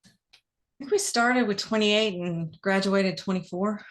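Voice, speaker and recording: A woman's voice: medium pitch, slow. Woman, forensic investigator guest, mid-range voice, matter-of-fact casual answers. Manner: plain, matter-of-fact, with fillers. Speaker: crime scene investigator, guest.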